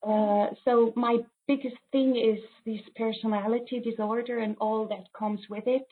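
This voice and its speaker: A woman in her fifties from Switzerland, calling in tearfully, speaking haltingly with many fillers and apologies. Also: fairly high pitch, steady tone, breathy edge. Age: 50s. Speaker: caller. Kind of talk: call-in sharing. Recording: phone-line call audio.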